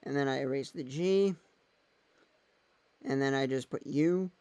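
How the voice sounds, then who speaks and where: A man's voice: mid-range voice, a little slow, pauses often, a little mellow, smooth, no echo. A man vlogging in a casual, rambling way, thinking aloud as he goes. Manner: thinks aloud while using his phone and laptop, meandering.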